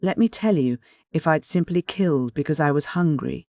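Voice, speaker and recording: A reader gives us a tormented young man pouring out a confession in anguish. The voice sits at a middle pitch, rising in despair. It is recorded close and dry, with no room sound. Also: normal speed, no room sound, lightly acted. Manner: pleading, despairing dialogue. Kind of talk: audiobook character dialogue.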